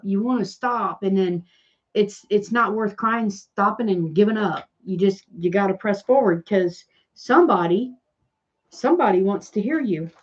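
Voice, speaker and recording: A Southern woman chats slowly through a crafting livestream. She rambles from topic to topic and answers viewers' comments. Her voice sits at a middling pitch, and the audio is a little dull and lo-fi. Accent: Southern American. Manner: rambling, chatty, reads and answers live comments. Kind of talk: casual livestream chat.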